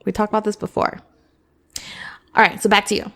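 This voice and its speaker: Woman podcast host, chatty and frank, lots of fry in her voice, keeps saying right? okay?. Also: mid-range voice, flat delivery, brisk, a bit bright. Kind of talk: casual advice monologue.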